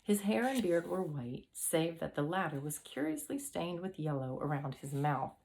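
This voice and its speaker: Woman narrator, low pitch, steady storybook read. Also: moderate pace. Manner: reads aloud with occasional throat-clearing. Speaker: audiobook reader.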